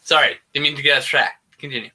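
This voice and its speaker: A man's voice: mid-range voice, quick pace, sharp tone. A man co-hosting a casual podcast, animatedly and with exasperation retelling a movie's scenes and mimicking its lines. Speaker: podcast co-host. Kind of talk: casual movie commentary chat.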